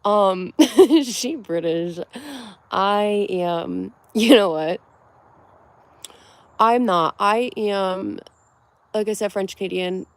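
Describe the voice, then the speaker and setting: A woman's voice: mid-range voice, no echo. A young woman from Connecticut hosting a casual livestream, chatting and giggling as she answers viewers' comments. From Connecticut, USA. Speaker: livestream host.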